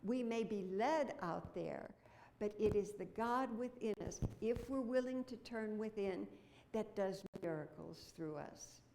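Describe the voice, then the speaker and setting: A woman minister giving a sermon in a church, chatty and storytelling, with quick asides. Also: mid-range voice, lively intonation, gravelly, darkish tone, reverberant, a little hiss or hum. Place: church sanctuary. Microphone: microphone with feedback.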